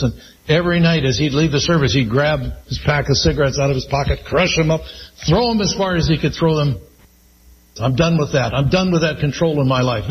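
Man preaching a slow, emphatic sermon. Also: medium pitch, highs cut off, slight background noise. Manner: slow, emphatic preaching with Scripture read aloud. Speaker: pastor.

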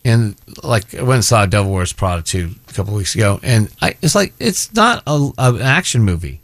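A man's voice: on the low side, sing-song, a little fast, no echo. A middle-aged man hosting a casual chat show, rambling and often breaking off mid-sentence. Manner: rambling, self-interrupting, chatty. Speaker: show host.

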